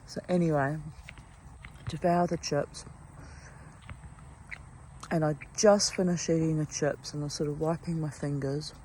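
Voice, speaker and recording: Low-voiced woman telling a story outdoors. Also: unhurried, pauses often, a little hiss or hum, poor audio. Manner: animated, swears freely, trails off and restarts. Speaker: vlogger. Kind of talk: casual storytelling.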